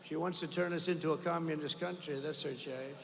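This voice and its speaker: A man's voice: fairly high pitch, fairly even intonation, fairly quick, creaky, a little hiss or hum. An older man giving a campaign rally speech in a large arena, boastful and repetitive, drifting into rambling asides. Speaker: political rally speaker. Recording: echoey arena with long reverb.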